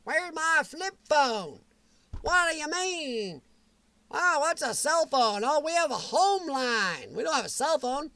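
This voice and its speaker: A man voicing a bewildered old grandfather who is puzzled by cell phones, in a slow drawl with a put-on accent. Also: very high-pitched, very animated, gravelly, pushed and bright, no echo, pitched above the performer's own voice, heavily acted.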